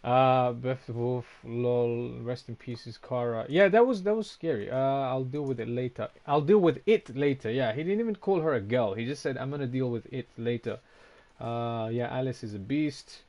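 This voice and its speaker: A man's voice: mid-range voice, moderate pace, darkish tone. Casual swearing male game streamer. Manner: casual, swears often, reacts to chat. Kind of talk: casual chat reading stream comments.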